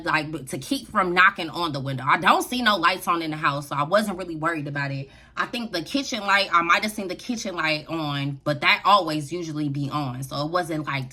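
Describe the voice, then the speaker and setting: A woman's voice: low voice, pushed and bright. A young adult woman telling a story on her vlog in a loose, slangy way, laughing often. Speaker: vlogger.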